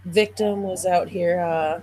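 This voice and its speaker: A woman's voice: fairly low pitch, steady tone, slow pace, a little mellow. A woman playing a tabletop game, musing aloud about her character's actions. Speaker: player. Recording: clear background noise.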